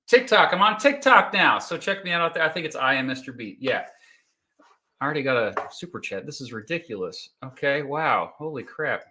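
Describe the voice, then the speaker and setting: A man in his thirties from Kansas hosting a relaxed livestream, joking and chatting while he eats pizza. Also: mid-range voice. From Kansas, United States. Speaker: YouTube host. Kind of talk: casual livestream chat.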